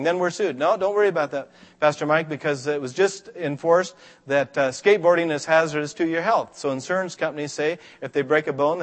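A man preaching a sermon, telling stories and acting out the voices of the people in them. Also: a little high. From Scotland. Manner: animated, acts out voices in stories. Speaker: pastor. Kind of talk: sermon with storytelling.

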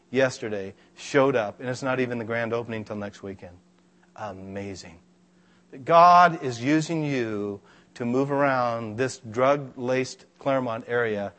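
A man preaching a sermon, telling stories and acting out the voices of the people in them. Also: mid-range voice. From Scotland. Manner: animated, acts out voices in stories. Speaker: pastor. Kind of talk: sermon with storytelling.

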